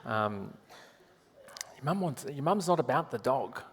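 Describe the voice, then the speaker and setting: A man's voice: mid-range voice, expressive. An Australian man doing a live medium show in a theatre, rambling and joking at himself between readings. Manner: rambling, self-mocking, quick asides. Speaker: psychic medium on stage. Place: large theatre hall. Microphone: handheld microphone. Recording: hall reverb.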